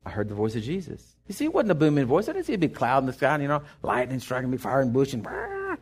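A middle-aged man with a Texan accent, preaching a sermon in a folksy storytelling way, swinging from loud to hushed. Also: mid-range voice, wildly swooping pitch, fast, husky. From Texas. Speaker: pastor.

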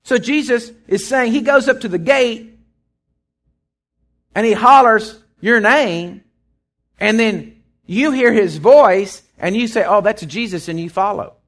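A middle-aged man with a Texan accent, preaching a sermon in a folksy storytelling way, swinging from loud to hushed. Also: high-pitched, slow, long pauses. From Texas. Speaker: pastor.

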